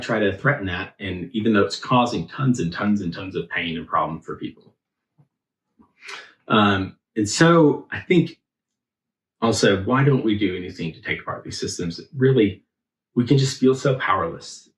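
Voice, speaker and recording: Low-voiced man preaching casually. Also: expressive, moderate pace, reverberant, low-quality recording. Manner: loose, thinking aloud, heavy on filler words. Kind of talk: casual conversational sermon. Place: church sanctuary.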